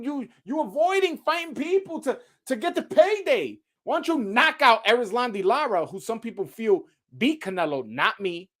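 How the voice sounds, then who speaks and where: A man's voice: sits high, a bit bright. A man hosting his own show, giving a casual, profane opinion rant with rhetorical questions and many repeats. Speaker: boxing commentator, show host.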